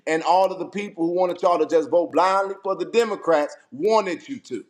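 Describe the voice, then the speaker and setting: A man's voice: high voice, normal speed, few pauses. Man, angry political rant, swears a lot, repeats lines to drive points home. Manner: heated, profane, repeats himself for emphasis. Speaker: political commentator.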